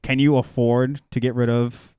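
A man's voice: medium pitch, level tone, moderate pace, warm tone, smooth, dry recording. A man co-hosting a casual fantasy football chat, talking loosely with lots of fillers and restarts. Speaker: podcast co-host.

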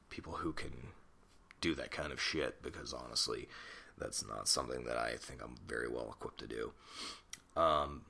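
A man's voice: rumbling low, creaky, bright, forceful tone. A man in his twenties hosting a solo podcast on a desktop mic at home, rambling and self-conscious, swearing casually. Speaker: podcast host. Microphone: desktop USB mic.

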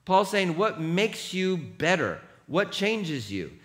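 A middle-aged male pastor delivers an animated, jokey sermon, laughing at himself and having the congregation read along aloud. His voice is high-pitched and slow, with faint music behind him.

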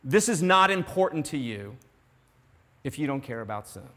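A man preaching a sermon in earnest, dropping to a hush on some lines and rising to emphasis on others. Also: medium pitch, sing-song, normal speed. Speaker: pastor. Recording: long hall reverb.

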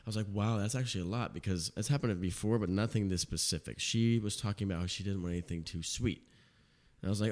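A man's voice: low-pitched, a little mellow. A young man, a bartender, telling stories in a casual podcast chat, acting out customers in his own voice. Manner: rapid storytelling, quotes customers in his own voice. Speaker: bartender guest.

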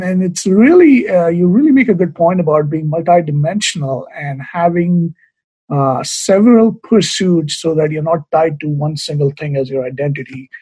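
A man's voice: a little high, darkish tone, breathy edge, no echo. A man hosting an interview podcast, talking loosely with many fillers and asking long questions. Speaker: podcast host. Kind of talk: casual interview.

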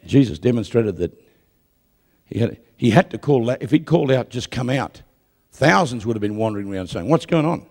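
A man preaching a live sermon, telling stories with jokes and building to loud proclamations. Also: mid-range voice, a little fast, gravelly. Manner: lively storytelling with jokes, rising to loud proclamation. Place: church or hall with a live audience.

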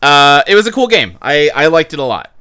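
A man's voice: fairly high pitch, sing-song, brisk, sharp tone, clean tone. A man hosting a podcast in casual chat, rambling, with loose fillers and casual swearing. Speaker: podcast host.

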